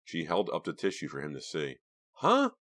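In scripted audiobook narration, a man with an extremely deep voice, right at the floor of the male range, reads aloud. His delivery stays steady and measured line after line.

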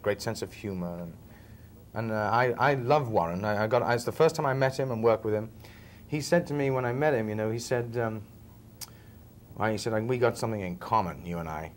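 A man's voice: fairly low pitch, fairly quick, a little hiss or hum. A man, telling stories as a film actor being interviewed, chatty and chuckling now and then. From England, Liverpool. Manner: chatty storyteller, often chuckling. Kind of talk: relaxed interview chat.

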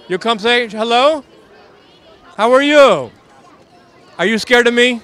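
A man's voice: very high-pitched, slow, a bit bright, some chatter behind. A man interviewing costumed children at an outdoor Halloween parade, cheerful and coaxing, joking as a mock vampire count. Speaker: community TV street interviewer.

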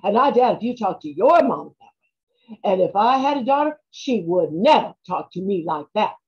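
A woman playing a judgmental churchgoing aunt who scolds in a soft, clipped voice in a stage monologue. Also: mid-range voice, big pitch swings, normal speed, breathy edge, dull audio, voice pushed down. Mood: disapproving.

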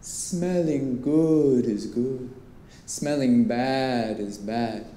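A man voicing a soothing older male perfume seller on the metro, with a Caribbean accent and a slow, hypnotic sales chant. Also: mid-range voice, mellow, a little hiss or hum, pitched below the performer's own voice. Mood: hypnotic pitch. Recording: roomy echo.

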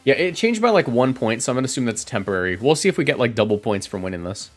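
A man's voice: mid-range voice, very animated, very fast, faint music behind. Chatty male gamer commentating his matches. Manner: chatty, self-correcting, reacts out loud. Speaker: competitive game commentator. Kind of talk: casual gameplay commentary.

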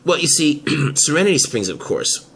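A man playing a smug, scheming man in a hobby audio drama, talking slowly and chuckling as he gloats. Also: fairly high pitch, sing-song, fairly bright tone, slightly rough, exaggerated voice. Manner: slow and gloating, chuckles between lines.

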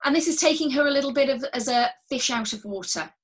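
A woman leading a drama workshop, giving clear, patient, step-by-step instructions and often repeating key words. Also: high-pitched, fast talker. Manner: encouraging and reassuring toward learners at home. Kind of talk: recorded instructional drama lesson.

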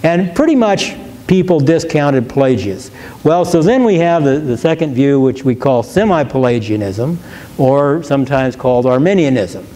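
Earnest pastor with a dark, mellow voice. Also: male voice, mid-range voice, lively intonation. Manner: earnest, emphatic, slows to stress key words; repeats and restarts words while thinking. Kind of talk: question-and-answer teaching. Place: church.

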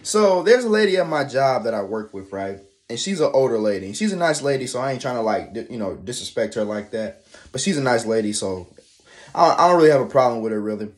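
A man telling a casual spoken anecdote, halting, full of restarts and slangy fillers. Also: medium pitch, very animated. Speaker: storyteller.

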